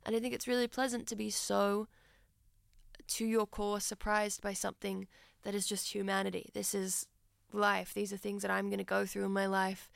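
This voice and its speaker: A woman's voice: medium pitch, flat delivery, normal speed, creaky, no room sound, clean studio sound. A woman presenting a radio film-review segment, talking in an earnest, reflective and heartfelt way.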